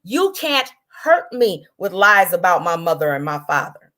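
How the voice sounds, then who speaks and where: A woman's voice: fairly low pitch, sing-song, pushed and bright. A woman hosting a livestream, ranting angrily at a rival in a combative, profane way. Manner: combative, profane, drawn out then rushed. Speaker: livestream host. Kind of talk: angry livestream rant.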